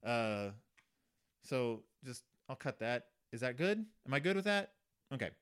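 A little slow and resonant, this male podcast host's mid-range voice swings widely in pitch and sounds clear and fairly bright. He sarcastically riffs on a children's book in a comic, rambling way full of fillers and restarts.

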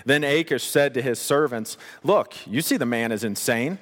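A man preaching a sermon as pastor, animated and conversational with playful asides. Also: mid-range voice, moderate pace, in a large hall.

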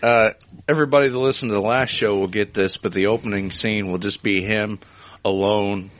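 A man's voice: fairly low pitch, steady tone, fairly quick, slight background noise. A man hosting a podcast in casual chat, easygoing and laughing along with the others. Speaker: podcast host.

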